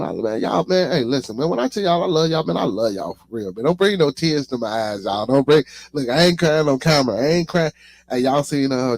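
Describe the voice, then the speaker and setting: A man's voice: on the low side, warm tone, no room sound. A man with a Chicago accent hosting his own podcast, talking casually to his chat and saying "man" after nearly every phrase. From United States. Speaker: podcast host.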